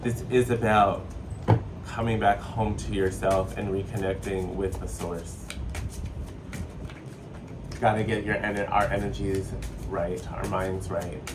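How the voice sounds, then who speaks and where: A man giving a casual spiritual tarot reading, chatty and excitable, with a playful, sassy way of talking. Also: low-pitched, unhurried, pauses often, recorded from a distance, background noise. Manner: playful, sassy, slips into joking accents. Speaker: tarot reader.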